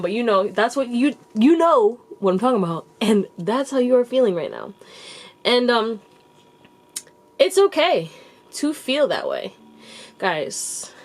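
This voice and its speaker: A woman's voice: mid-range voice, darkish tone. A woman giving a casual pick-a-card tarot reading to her viewers. She talks in a loose, rambling way, full of likes and restarts, and calls the viewers baby and you guys. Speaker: tarot reader and channel host.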